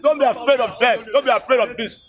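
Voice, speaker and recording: Nigerian man, interviewee, impassioned and repetitive, fairly high voice, noisy crowd behind. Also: steady tone, fast talker, highs cut off. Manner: fervent, repeats words, preachy exhortation. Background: crowd noise.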